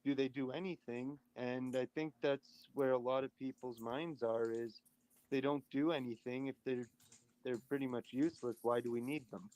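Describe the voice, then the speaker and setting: A man's voice: mid-range voice, steady tone, darkish tone, low-quality recording. A man arguing his side in an online debate, asking pointed questions and restarting his phrases. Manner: argumentative, questioning, halting restarts. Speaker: debate participant. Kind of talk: casual debate talk.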